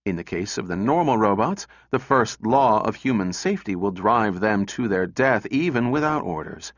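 Low voiced guy reading a story, steady, dry muffled sound. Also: moderate pace, no room sound. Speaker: audiobook narrator. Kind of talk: scripted narration.

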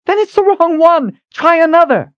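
A man voicing a desperate, fierce young woman leader who shouts at the top of her lungs. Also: very high voice, animated, moderate pace, no echo, muffled recording, voice pushed up. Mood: urgent.

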